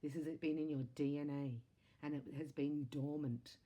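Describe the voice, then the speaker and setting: A low-pitched woman with a warm, mellow voice gives a psychic reading straight to her viewers. She talks in a chatty, excitable way, breaking into laughs and quick exclamations as she goes. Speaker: psychic tarot reader. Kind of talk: spiritual reading monologue to camera.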